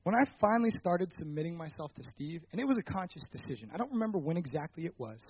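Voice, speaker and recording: High-voiced young man telling a story. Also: fast, breathy edge, highs cut off. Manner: animated storytelling, rising loud when retelling anger. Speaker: ministry leader telling a personal story. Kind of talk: personal testimony talk.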